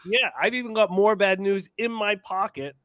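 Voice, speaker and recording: A man with a high voice boasts and teases through casual betting-show banter, swearing as he goes. The sound is dry and close to the mic. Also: fairly even intonation, normal speed, fairly bright tone, no room sound. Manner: boastful, teasing, swears freely. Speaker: co-host guest. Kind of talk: casual sports betting chat.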